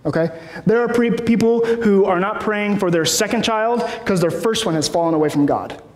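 A man's voice: sits high, moderate pace, darkish tone. A man in his thirties preaching a sermon in a conversational way, often checking in with the room. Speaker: pastor. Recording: echoey hall.

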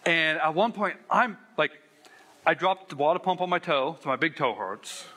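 A man's voice: a little high, normal speed, pushed and bright. A man pastor preaching a sermon, telling a candid, self-deprecating story with earnest emphasis. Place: church sanctuary.

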